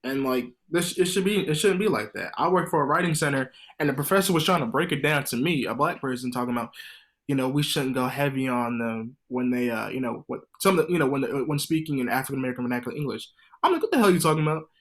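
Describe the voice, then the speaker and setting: A man hosting a casual interview over a video call, an animated storyteller who uses a lot of slang. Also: mid-range voice, fast talker. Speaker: interviewer and podcast host.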